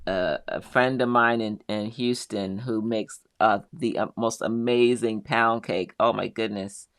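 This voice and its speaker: A woman's voice: extremely low pitch, a bit bright, clean tone, no echo, studio quality. A middle-aged woman hosting a live quilting show, chatting casually as she reads out viewers' comments and answers them one by one.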